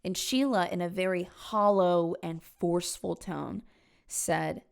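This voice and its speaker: A woman's voice: on the low side, slow pace, creaky. A woman hosting a true crime show, telling the story in an emphatic, conversational and opinionated way. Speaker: host.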